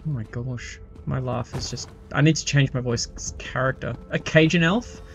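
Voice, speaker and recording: A man's voice: mid-range voice, fairly even intonation, moderate pace, vocal fry, lo-fi sound, soft background music. A male game streamer giving casual, rambling commentary with stammered restarts and swearing.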